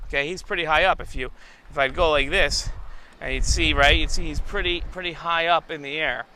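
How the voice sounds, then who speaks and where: A man's voice: a little high, steady tone, brisk, sharp tone, a little hiss or hum. A man hosting a children's show outdoors, talking chattily and straight to young viewers. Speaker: kids' show host.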